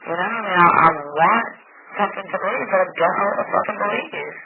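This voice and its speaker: A woman's voice: medium pitch, quick pace, gravelly. Agitated woman on a tinny, hissy phone. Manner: emphatic, profane, agitated. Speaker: mother of a missing child. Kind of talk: casual phone visit conversation. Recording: tinny phone line with loud hiss.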